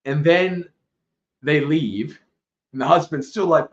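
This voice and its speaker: A man teaching Dhamma on a livestream, telling a story with lively asides and frequent laughs. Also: fairly high pitch, slow, long pauses. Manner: animated storyteller, laughs often, loose asides. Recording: roomy, slightly dull livestream audio.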